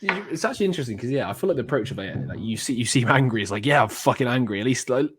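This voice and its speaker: A man's voice: medium pitch, big pitch swings, rapid-fire, breathy edge. A young man co-hosting a casual podcast chat, rambling with many fillers and acting out quoted lines. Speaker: podcast co-host.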